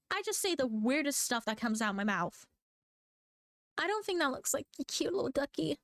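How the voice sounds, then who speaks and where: Casting: high-voiced woman, scatterbrained and giggly, chatting away while she sketches; dry, close mic. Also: very animated, moderate pace, no room sound. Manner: giggly, scatterbrained, playful, self-mocking; bursts into squeaky exclamations. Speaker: manga artist drawing on stream. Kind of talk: rambling casual chat while drawing. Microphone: desk microphone.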